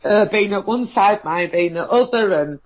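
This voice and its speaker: A woman telling a personal experience, halting with many fillers and restarts. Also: medium pitch, animated. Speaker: guest. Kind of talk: emotional personal account. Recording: dull lo-fi audio.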